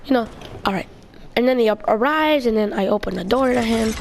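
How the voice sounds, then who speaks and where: A woman's voice: fairly high pitch, brisk, slight background noise. A young woman telling a long personal story in a casual vlog, rambling with lots of fillers and restarts. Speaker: video creator.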